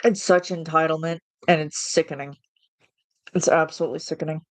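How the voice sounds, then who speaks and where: A woman in her thirties with a lowish voice, ranting in a casual vlog monologue. She sounds fed up and exasperated, stumbling and restarting her sentences as she vents. The sound is dry and close. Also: steady tone, a little fast, no room sound. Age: 30s. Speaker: vlogger.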